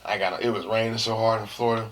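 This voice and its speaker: Talking very fast in a lowish voice, a podcast host relates a story in a casual, slangy style. He acts out the quotes, screams included, with slight background noise.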